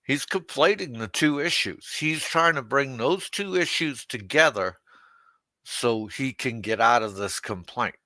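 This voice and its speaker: A man's voice: mid-range voice, animated, measured pace, bright, forceful tone, no room sound. A man hosting an unscripted livestream rant, crude and mocking, laughing at his own jokes. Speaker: livestream host.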